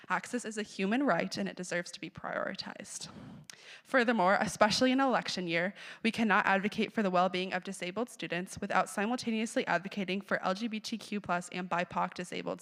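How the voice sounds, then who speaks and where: An earnest woman delivers a prepared speech in a middle-pitched voice. Her phrasing is rhetorical and repetitive, and a long reverb trails her words through the lecture hall. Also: a bit bright. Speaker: student speaker introducing the lecture.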